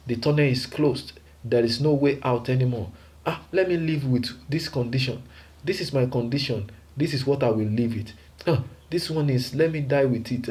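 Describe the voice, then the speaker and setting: A man's voice: mid-range voice, warm tone. A man preaching a sermon emphatically, with rhetorical questions and repeated phrases.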